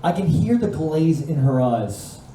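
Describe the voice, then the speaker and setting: A young man performs stand-up live, swearing and jumping between voices as he acts out phone calls. His voice sits a bit high but sounds very dark and mellow. He is picked up from some distance in an echoey room, with faint ambience behind him. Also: lively intonation, unhurried, slight background noise. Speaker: stand-up comedian. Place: live comedy stage with audience.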